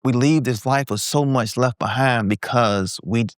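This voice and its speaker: A man's voice: medium pitch, measured pace, dry recording, clean studio sound. A man in his forties speaking as a guest entrepreneur, telling a candid story in a podcast conversation and acting out the voices he quotes. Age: 40s. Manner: animated, acts out quoted voices.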